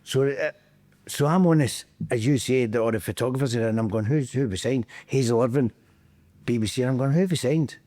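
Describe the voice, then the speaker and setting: A man's voice: mid-range voice, a little fast, dark tone. A middle-aged man with a Scottish accent, a podcast guest telling football anecdotes in casual chat, acting out quotes and laughing often.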